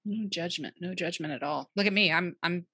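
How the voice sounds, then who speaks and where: A woman co-hosts a podcast in lively casual talk, swapping anecdotes and laughing along. Her voice sits a little low, recorded dry and close. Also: a little fast, husky, dry recording. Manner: animated, laughs, tells anecdotes. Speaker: podcast co-host. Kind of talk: casual chat.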